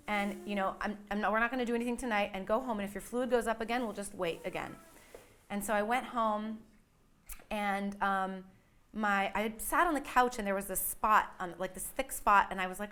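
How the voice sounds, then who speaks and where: A woman's voice: medium pitch, brisk, fairly bright tone. A woman telling her birth story casually, rambling with lots of fillers and restarts, livening up when she quotes others.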